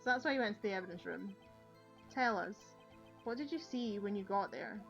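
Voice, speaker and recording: A woman's voice: mid-range voice, brisk, vocal fry, muffled recording, faint music behind, natural voice. A Scottish woman reading a young defense lawyer. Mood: questioning. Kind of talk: reading game dialogue aloud.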